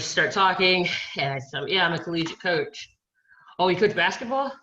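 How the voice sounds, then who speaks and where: Woman coach, bright forceful tone, earnest and explanatory; dull lo-fi video call sound. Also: deep voice. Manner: earnest, explains with scenarios and rhetorical questions. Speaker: college field hockey coach. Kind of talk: panel discussion.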